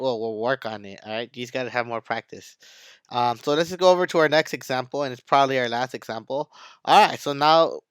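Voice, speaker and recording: A man's voice: mid-range voice, a bit bright, clean tone, no room sound. A man teaching math in a video lesson, hyped and playful, talking straight to his students.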